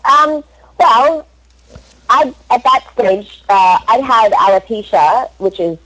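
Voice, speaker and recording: A young Australian woman, a voice actress, chatting in an interview and telling stories in an animated, laughing way. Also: on the high side, slow pace, low-quality recording. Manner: chatty, animated storyteller who laughs often. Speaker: voice actress guest. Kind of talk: casual interview chat.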